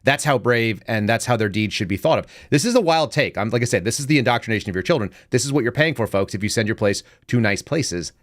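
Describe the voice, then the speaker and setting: A man hosting a casual political talk show, rambling with quick joking asides. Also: mid-range voice, expressive, no room sound, studio quality. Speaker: podcast host.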